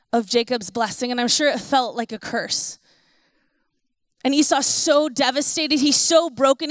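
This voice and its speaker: A woman with a high voice preaches by retelling a scripture story. She talks in a conversational way and slows right down on the key words. The sound is dry and close. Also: a bit bright, no echo. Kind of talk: sermon storytelling.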